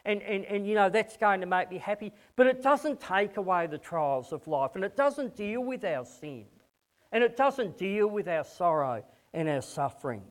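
A man's voice: high-pitched, expressive, moderate pace. A man preaching a conversational sermon to a congregation, often repeating words as he starts a phrase.

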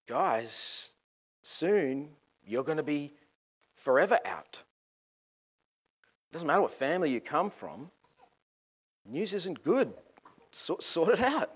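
A man voicing a fiery, blunt male prophet who rants loudly and emphatically. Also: on the high side, sing-song, takes it slowly, pauses often, slightly rough, full character voice.

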